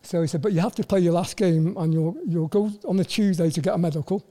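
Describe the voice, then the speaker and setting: Older Welsh man, high soft halting voice. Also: fairly even intonation. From Wales. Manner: halting, repeats words and fills with "you know". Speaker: guest, former footballer. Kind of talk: casual interview storytelling.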